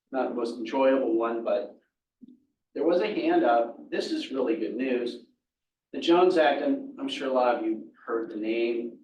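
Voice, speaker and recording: A man gives a workshop talk, racing through his points like an auctioneer. He sits at an ordinary middle pitch and sounds far from the mic. The room echoes, with faint noise underneath. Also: a little mellow. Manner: rapid-fire, talks like an auctioneer. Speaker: workshop presenter. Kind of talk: fast informal presentation. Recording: roomy, distant audio with faint noise.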